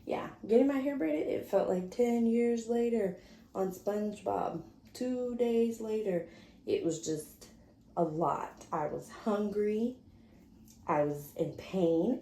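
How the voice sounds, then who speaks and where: Here the woman's voice is mid-range, with a little hiss or hum on the recording and an echo from the room. She chats to the camera like a vlogger, animatedly telling a story and acting out the quotes.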